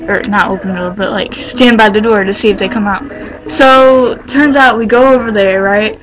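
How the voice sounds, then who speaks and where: A woman telling a story in a casual vlog, rambling and excitable, filling her pauses with "like" and swearing casually as she gets worked up. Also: mid-range voice, low-quality recording. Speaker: vlogger.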